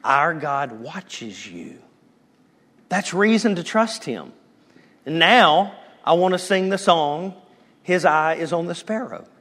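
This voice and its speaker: A man preaching a sermon as pastor, moving between loud calls and hushed, almost whispered lines. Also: fairly high pitch, expressive, slow pace, long reverb tail.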